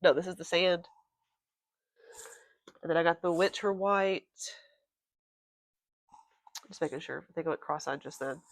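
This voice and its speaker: A woman's voice: on the low side, measured pace, long pauses, no echo. A woman vlogging about crochet in a casual, rambling, chatty way. Her voice is congested and nasal. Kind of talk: casual show-and-tell chat.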